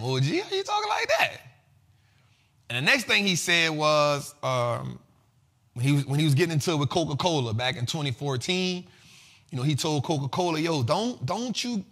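Bright-voiced, slangy finance host man. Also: on the high side. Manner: slangy, animated, laughs often. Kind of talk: casual finance commentary.

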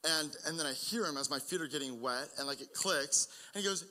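Young male preacher, bright and fairly high, casual storyteller who gets urgent. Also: fairly quick, hardly any pauses. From Oregon, United States. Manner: conversational, builds to loud urgent emphasis. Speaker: pastor. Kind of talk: sermon with personal stories.

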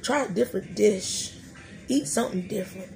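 A woman's voice: mid-range voice, normal speed, gravelly, a little mellow, slight background noise. A middle-aged woman hosting a podcast, sharing faith talk in a colloquial, joking, storytelling way. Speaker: podcast host.

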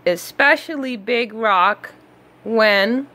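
A woman reading a children's picture book aloud, slow, gentle and expressive. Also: a little high. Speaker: storybook reader. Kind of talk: children's read-aloud narration.

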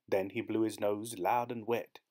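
A man reading a short story aloud as an audiobook narrator, steady and measured. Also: on the low side.

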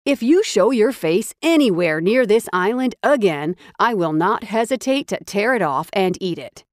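A woman's voice: lively intonation, normal speed, dry recording, clean studio sound. A woman voicing an enraged male bear shifter who snarls profane threats. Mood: menacing. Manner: low threatening growl, profane. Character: furious male grizzly bear shifter, menacing.

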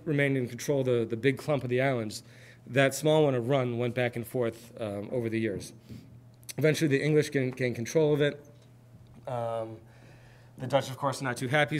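Man giving a casual history talk. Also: medium pitch. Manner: conversational storytelling. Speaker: seminar presenter. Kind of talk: informal history lecture. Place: presentation with slides.

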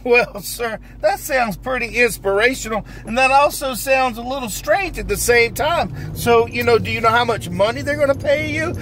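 A man's voice: very high-pitched, moderate pace, few pauses, fairly bright tone, a little hiss or hum, rough recording. A man hosting a comedic mock interview, laughing often in a folksy, plain-spoken way. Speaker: comedy host posing as an interviewer.

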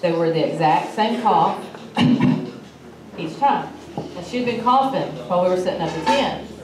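A woman's voice: on the low side, moderate pace. A woman telling a story in a casual way, acting out what people said. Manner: animated, acts out quotes. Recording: echoey room, mic at a distance, faint noise.

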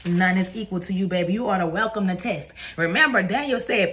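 Woman, fervent preacher, mid-pitched, repetitive coaxing encouragements. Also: animated, brisk, hardly any pauses, fairly bright tone. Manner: fervent, repeats "come on now" and "baby". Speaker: online prophetic minister. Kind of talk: preaching a prophetic word.

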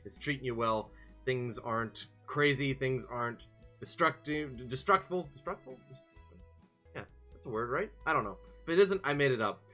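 Brief: lively streamer voice, bright tone, soft music underneath, playful chat style. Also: mid-range voice, moderate pace. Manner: bubbly, playful, greets chat by name. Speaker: variety game streamer.

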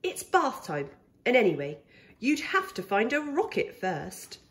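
A woman voicing a brisk, firm mother bear in a picture-book reading. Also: on the high side, huge pitch swings, fairly bright tone, exaggerated voice.

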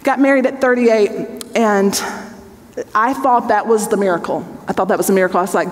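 A Bible teacher in her forties gives an earnest, conversational testimony sermon in a mid-range voice at normal speed with fairly even intonation. Speaking to an audience in a large hall, she often checks in with them, and the recording carries the hall's long reverb.

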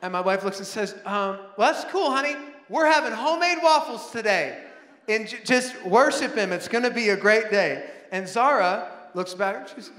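A man in his thirties preaching a sermon in a church, animated, acting out family scenes with bursts of shouting. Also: sits high, normal speed. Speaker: pastor. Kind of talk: sermon with storytelling. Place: large church auditorium. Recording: echoey hall with long reverb.

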